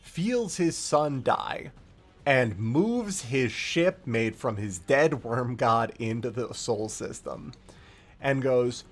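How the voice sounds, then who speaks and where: Animated, profane man streamer. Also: medium pitch, slow pace, faint music behind. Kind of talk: comedic game-lore recap.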